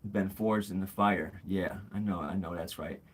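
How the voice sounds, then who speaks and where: Very deep husky man chatting casually. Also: moderate pace. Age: 40s. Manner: rambling, frequent fillers and restarts; candid, calls viewers bro and man. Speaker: livestream host. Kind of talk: casual livestream chat.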